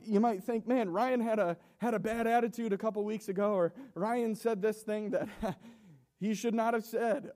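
Young guy preaching in church, high voice but mellow, keeps stumbling and laughing nervously, kinda choked up. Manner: halting, repeats words, laughs nervously. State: emotional, coughing. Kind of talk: emotional sermon.

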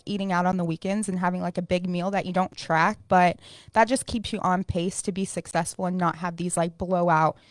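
A woman's voice: on the low side, dry recording. Woman, fitness coach, casual podcast chat, upbeat, laughs a lot, dry close sound.

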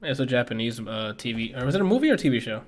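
A man's voice: medium pitch, very animated, very fast. A man co-hosting a casual chat show, rambling and tripping over his words as he talks. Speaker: podcast co-host.

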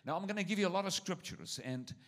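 A man with a foreign accent preaching a sermon in a church, switching between loud exhortation and quiet asides. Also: sits high, expressive, fast. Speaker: traveling preacher. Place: church service.

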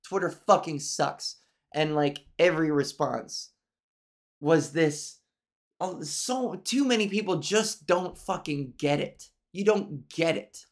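A woman's voice: sits low, takes it slowly. Woman, nasal voice, solo podcast host, candid, swears a lot, rambling monologue. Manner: candid, profane, rambling with restarts.

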